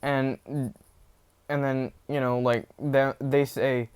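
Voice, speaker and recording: A man's voice: medium pitch, flat delivery, drawn-out words, a little mellow, smooth. A man casually retelling a fan story off the cuff, rambling with many fillers and self-corrections.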